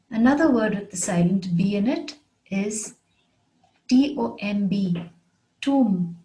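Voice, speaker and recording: Slow, mellow woman teaching English words. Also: medium pitch, low-quality recording. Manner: spells words out letter by letter and repeats them. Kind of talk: slow scripted pronunciation lesson.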